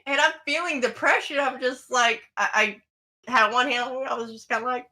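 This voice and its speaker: A woman co-hosting a podcast, telling a story in a casual, animated way full of restarts. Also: on the high side, a little fast, poor audio. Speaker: podcast co-host.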